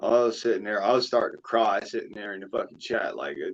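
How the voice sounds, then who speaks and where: A man's voice: on the low side, lively intonation, quick pace, hardly any pauses. A man streaming a casual chat, talking emotionally in a rambling way, cursing often and repeating himself, with a drawl. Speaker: streamer hosting a chat panel. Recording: dull lo-fi mic.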